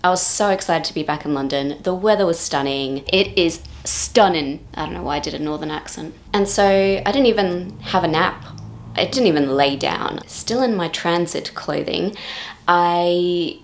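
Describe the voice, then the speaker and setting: A woman in her thirties with a slightly low voice narrates a casual vlog. She talks in a chatty, easygoing way and tosses in playful little jokes as she goes. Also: moderate pace. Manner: chatty, with playful joking asides. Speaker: vlogger.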